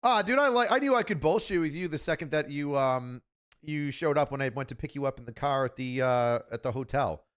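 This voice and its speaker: A man's voice: a little high, expressive, fairly quick, fairly bright tone, clear, resonant tone. A man, a police officer hosting a stream, talking in a rambling, profane, laughing way. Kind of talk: casual chat.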